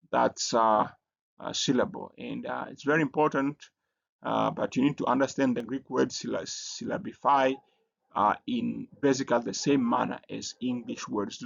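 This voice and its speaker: A man teaching a recorded language lesson, pausing often with fillers and repeating the key rules. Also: mid-range voice, gravelly. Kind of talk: recorded lecture. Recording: dull lo-fi audio.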